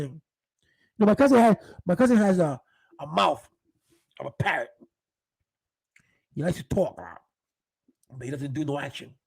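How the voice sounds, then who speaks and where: A man telling profane street stories in a casual, animated monologue, full of restarts. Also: a little high, moderate pace, creaky, pauses often, breathy edge, low-quality recording. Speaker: podcast host.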